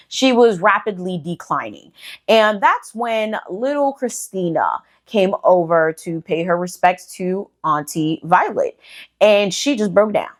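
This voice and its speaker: A young woman hosting a casual storytelling vlog, chatty, swearing freely and leaning on fillers like "you know". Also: mid-range voice. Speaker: storytime channel host.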